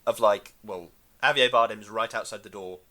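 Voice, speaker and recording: A man's voice: lowish voice, moderate pace, bright, forceful tone. A man co-hosting a podcast, chatting casually about a film in a rambling, hesitant way with many fillers. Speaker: podcast co-host.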